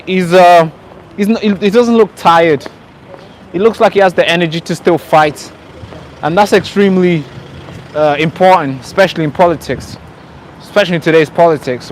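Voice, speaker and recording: A man's voice: high-pitched, a little hiss or hum. Chatty man live-streaming from a night street. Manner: chatty, restarts often, addresses viewers directly. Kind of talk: casual live-stream talk to viewers. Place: outdoors on a city street at night.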